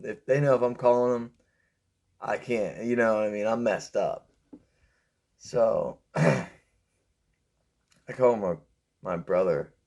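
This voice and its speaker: A young man rambling through a personal story with lots of fillers, raising his pitch when he quotes people. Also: vocal fry, a little mellow. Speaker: vlogger telling a story. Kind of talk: casual storytelling.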